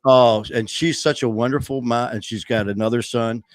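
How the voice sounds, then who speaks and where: A man's voice: mid-range voice, steady tone, normal speed, dry recording. Rambling man hosting a chat show. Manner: rambling, with many fillers and restarts. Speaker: host. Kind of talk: casual chat.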